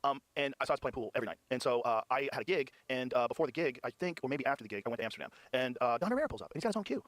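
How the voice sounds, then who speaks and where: A middle-aged man hosting a casual chat, telling animated stories and swearing freely. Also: mid-range voice, racing, no room sound. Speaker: host.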